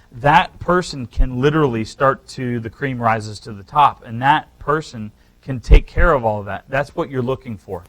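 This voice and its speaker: A man teaching a live real estate seminar, talking straight to the room with animated, emphatic delivery and frequent restarts. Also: mid-range voice, poor audio.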